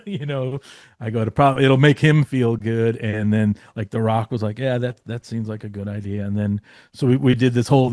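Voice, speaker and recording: A man's voice: mid-range voice, a little mellow, no echo, studio quality. A man telling behind-the-scenes stories as a podcast guest, rambling with lots of fillers and casual swearing. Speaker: podcast guest, former comedy writer. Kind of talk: casual storytelling.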